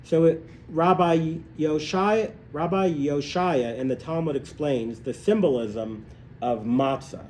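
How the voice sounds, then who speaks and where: A man teaching a live class, telling a story and acting out its characters in an animated way. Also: slow, slight background noise. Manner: animated, acts out voices in stories, rises in pitch when excited. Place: hotel room, recorded live.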